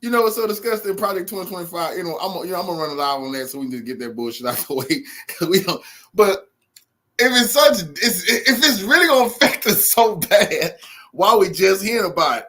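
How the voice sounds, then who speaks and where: Heated, mocking man with a high, lively voice. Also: fairly quick. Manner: heated, mocking, profane, laughing often. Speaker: commentary channel host. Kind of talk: reacting to news clips.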